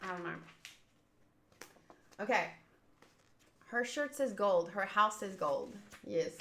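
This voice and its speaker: Give me a slow-talking woman reading manga aloud and chatting, in a roomy echo. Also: medium pitch, animated, a bit bright. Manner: chatty, laughs and muses aloud. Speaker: manga readthrough host. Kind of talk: casual reading and chat.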